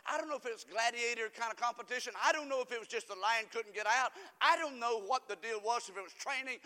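A man pastor preaching a sermon. He breaks into sudden shouts and calls on the congregation to answer. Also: very high-pitched, fast talker, hardly any pauses, big-room sound.

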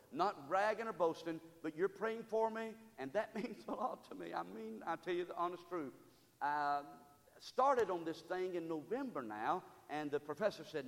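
A pastor preaching a sermon in a church, building from storytelling to loud call-and-response exhortation. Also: male voice, a little high, in a large hall. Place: church sanctuary.

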